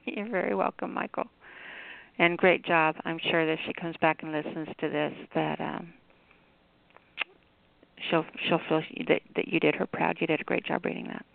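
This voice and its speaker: A woman's voice: low voice, flat delivery, normal speed, gravelly, pauses often, no echo. A woman hosting a call-in radio show, chatting casually and laughing easily with callers. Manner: warm, giggly, chatty with callers. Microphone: phone. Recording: tinny phone line.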